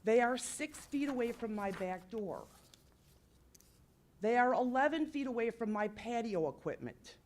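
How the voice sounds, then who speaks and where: A woman's voice: on the high side, animated, measured pace, darkish tone. A woman speaking at public comment in a village council meeting, upset and insistent, apologizing for her emotion while pressing her complaint.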